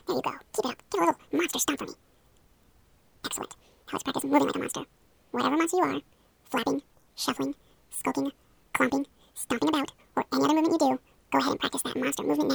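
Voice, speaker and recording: A woman's voice: sits high, steady tone, fast talker, vocal fry, long pauses, no echo. A young woman leading a playful hypnosis role-play, coaxing and encouraging the listener. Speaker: hypnosis guide.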